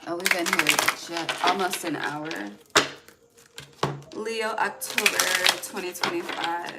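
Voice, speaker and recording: A woman's voice: on the low side, takes it slowly, very noisy. A woman giving a casual, rambling tarot reading, laughing often and trailing off mid-sentence. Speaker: tarot reader.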